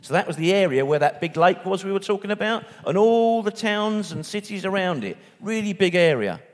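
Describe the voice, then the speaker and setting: A man's voice: high voice, expressive, fairly quick. A man preaching a sermon in a church hall, chatty and casual, often repeating words as he restarts.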